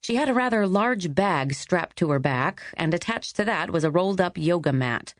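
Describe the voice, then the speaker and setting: A woman with a somewhat low voice reads a romance novel aloud in scripted narration. Her telling is wry and even, recorded close and dry in a studio. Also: moderate pace, no room sound. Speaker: audiobook narrator.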